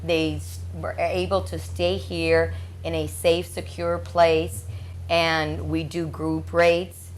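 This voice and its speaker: A woman's voice: low voice, little pitch movement, slow, slight background noise. A woman who runs a hotel ministry, answering interview questions plainly. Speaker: hotel owner and ministry leader.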